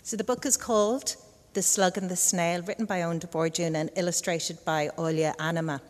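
A woman reading a children's story aloud to a church congregation in a gentle, unhurried storytelling manner. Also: fairly low pitch, fairly even intonation. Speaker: reader at a church service. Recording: echoey hall reverb.

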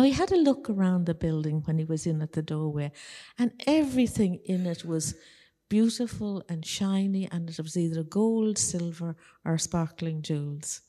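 A woman leading a church service, telling a once-upon-a-time story to the children in a gentle, animated way. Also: fairly low pitch. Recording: long church reverb.

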